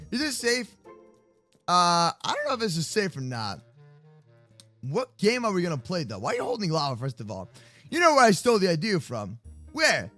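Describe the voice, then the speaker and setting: A young man narrates a goofy Minecraft role-play from his bedroom, his high voice swinging wildly up and down. He jokes constantly and breaks into yells. The tone is bright and sharp. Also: huge pitch swings, a little slow, long pauses, faint music behind. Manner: hyper, jokey, often yelling. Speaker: gaming YouTuber. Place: home bedroom.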